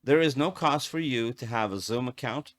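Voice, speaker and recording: A man's voice: mid-range voice, moderate pace. A man teaching as an AV technician in a casual, chatty tutorial, often stopping to restart a phrase. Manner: chatty, self-interrupting with fillers and restarts. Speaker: AV technician instructor.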